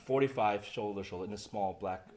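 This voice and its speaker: A man's voice: fairly low pitch, fast talker, a little mellow. A man hosting a podcast, telling a story in casual chat and often laughing as he goes. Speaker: podcast host.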